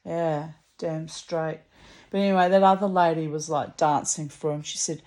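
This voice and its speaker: A woman's voice: deep voice, steady tone, moderate pace, darkish tone. A woman telling a story in a chatty, rambling way, blunt and salty, with lots of asides and restarts. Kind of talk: casual storytelling monologue.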